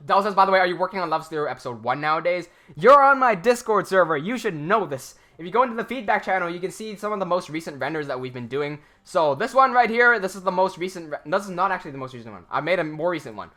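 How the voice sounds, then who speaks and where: Bright-voiced rambling livestream host. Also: male voice, sits high, animated, quick pace, few pauses. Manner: rambling, laughs often, many fillers and restarts. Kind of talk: casual livestream chat reading viewer comments.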